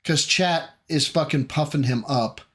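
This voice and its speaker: A man's voice: a little high, unhurried, a bit bright. A man hosting a live reaction stream, heckling a clip with profane, mocking commentary.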